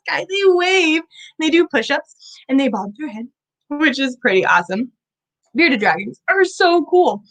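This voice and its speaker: Bubbly, sing-song woman educator, a bit high-voiced, teaching kids indoors at an animal center. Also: low-quality recording. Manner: bubbly, sing-song, asks children questions. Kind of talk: kids' lesson.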